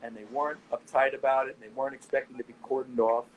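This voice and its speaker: A middle-aged man in a casual interview, telling animated anecdotes and quoting people as he goes. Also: mid-range voice, fast talker, narrow, tinny audio, slight background noise. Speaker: nightlife owner and guest.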